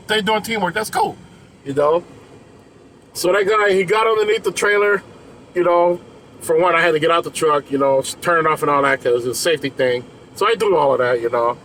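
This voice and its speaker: A man's voice: sits high, lively intonation, moderate pace, long pauses, a bit bright, slight background noise, low-quality recording. A man who drives trucks tells a story in a casual vlog, acting out the other people's lines in raised voices and swearing freely.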